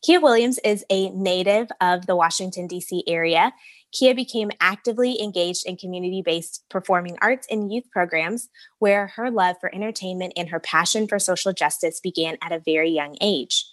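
A woman's voice: fairly low pitch, no echo. Enthusiastic woman podcast host, dry sound. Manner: upbeat, enthusiastic introductions. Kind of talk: podcast interview.

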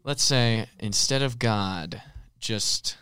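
A man's voice: fairly low pitch, takes it slowly, clean tone, no echo, clean studio sound. A man co-hosting a podcast, talking about faith casually and acting out little scenes as he explains. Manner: animated storyteller acting out quotes. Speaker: podcast co-host.

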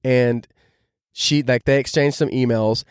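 A young man hosting his own podcast tells a long story in an eager, casual rush, enthusiastically dropping "like" into almost every phrase, though his delivery is a little slow. His ordinary middle-pitched voice is steady and clean, recorded dry and close with no room echo.

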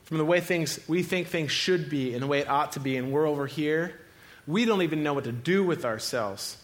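A male pastor preaching a sermon, animated, swinging between loud cries to God and quiet, low passages. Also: moderate pace.

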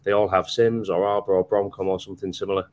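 Deep-voiced man explaining. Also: flat delivery, fast talker. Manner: explanatory, hesitant with many ums. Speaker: guest company representative.

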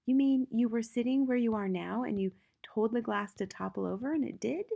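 Woman reading a gentle soft-spoken teacher. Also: on the high side, expressive, a little fast, slightly rough, highs cut off, voice pushed up. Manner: soft-spoken, gentle, often near a whisper. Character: gentle, kind young woman schoolteacher. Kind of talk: audiobook character reading.

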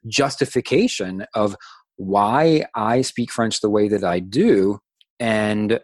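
A man from Louisiana speaks in a somewhat low voice, answering interview questions in a reflective, measured way. He often starts over mid-phrase as he works out his point. The recording is dry and close, with no room sound. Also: no echo. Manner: thoughtful, with frequent restarts and ums. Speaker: interview guest, French-language advocate.

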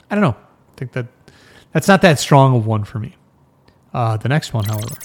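A middle-aged man hosting a podcast in a casual, rambling way, swearing now and then and laughing at himself. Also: mid-range voice. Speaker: podcast host. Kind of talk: casual chat.

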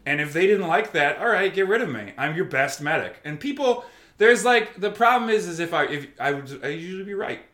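A former army medic in his thirties tells stories in casual conversation, swearing freely and acting out quoted exchanges in a profane, animated way. His voice is a little high and a little fast, and the sound is roomy.

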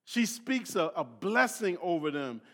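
A man's voice: high-pitched, big pitch swings, a little slow. A male preacher from Philadelphia reading scripture and explaining it, often stumbling over and repeating his words. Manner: repeats words, restarts often, many fillers, reads scripture aloud. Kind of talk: sermon. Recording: long hall reverb.

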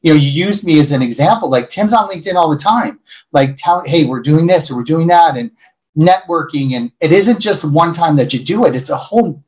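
A man from Buffalo, a hospitality leader, telling lively stories as an interview guest. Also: fairly high pitch, fairly quick, poor audio. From Buffalo, New York. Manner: animated storyteller who acts out quoted voices. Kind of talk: casual interview storytelling.

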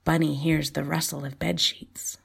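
Woman storyteller, low-pitched, breathy and gravelly, soft near-whispered reading. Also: level tone, moderate pace. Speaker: podcast host and storyteller. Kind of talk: storybook narration.

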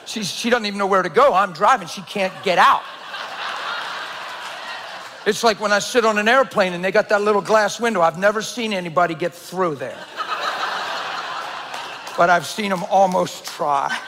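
Man, pastor preaching, high voice, lively storytelling, long church reverb. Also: normal speed, long pauses, noisy background. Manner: storytelling, swings between loud excited bursts and hushed earnest tones. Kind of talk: sermon. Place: large church hall.

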